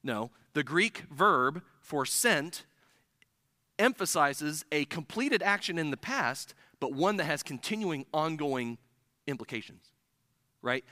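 A man's voice: fairly high pitch, lively intonation, takes it slowly, sharp tone, no echo, clean studio sound. A man preaching a sermon in church, earnest and building to emphatic points.

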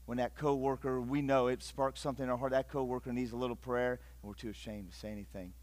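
A middle-aged man from Northeast Ohio preaching a sermon, swinging between loud urgent bursts and hushed, intimate passages. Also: mid-range voice, level tone, fast talker, dry recording. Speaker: pastor.

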